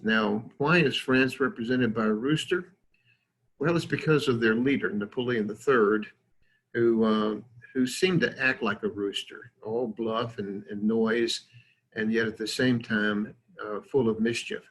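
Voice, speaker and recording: A man's voice: lowish voice, steady tone, unhurried. A man giving a conversational lecture with slides, digressive, with many fillers and self-deprecating asides.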